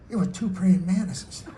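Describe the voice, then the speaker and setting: A man's voice: high-pitched, warm tone, a little hiss or hum, rough recording. A man who sings his own country songs to guitar and then tells their stories in a chatty, laughing way, at a book release party. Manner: chatty, laughing storyteller with fillers. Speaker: singer-songwriter telling song stories.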